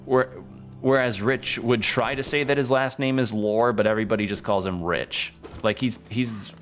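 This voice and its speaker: A male streamer chatting casually over gameplay, rambling and improvising as he goes. His voice sits at an ordinary middle pitch, and faint game music plays underneath. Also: fairly even intonation, moderate pace. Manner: rambling, improvising bits aloud.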